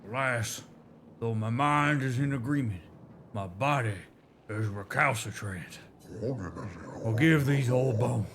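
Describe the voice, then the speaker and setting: A man voicing an aching old male creature with a put-on Southern drawl, speaking slowly and formally. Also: mid-range voice, a bit bright, slight background noise. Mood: rueful. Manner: slow, stiff, old-fashioned formal speech.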